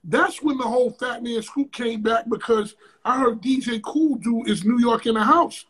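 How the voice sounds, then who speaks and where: High, husky man telling a wild story. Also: normal speed. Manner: profane, animated storyteller with sudden loud bursts. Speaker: interview guest. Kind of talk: casual storytelling.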